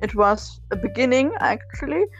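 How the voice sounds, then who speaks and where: A woman chatting casually about a TV series, emotional and halting, with many fillers. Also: on the high side, gravelly, lo-fi sound, soft background music.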